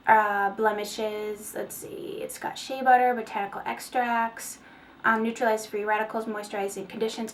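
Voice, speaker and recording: Chatty female vlogger, slightly high voice, faint background noise, rambling home haul talk. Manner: chatty, rambling, with fillers and small laughs. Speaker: beauty vlogger. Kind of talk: casual haul video chat.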